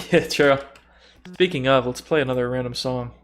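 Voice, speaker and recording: A young streamer speaks at a moderate pace in a medium-pitched voice, casually narrating a game on his livestream. He's talkative and self-deprecating, cursing freely and laughing a lot.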